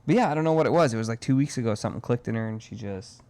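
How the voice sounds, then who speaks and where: Racing along in a mid-range, slightly mellow voice, this man in his thirties co-hosts a podcast and rambles casually. He's laid-back and says "dude" and "man" constantly.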